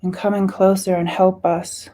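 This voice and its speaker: With a mellow, mid-range voice and a flat delivery, a woman leads a guided spiritual meditation. She talks slowly and calmingly, pausing for sighs and chanted syllables.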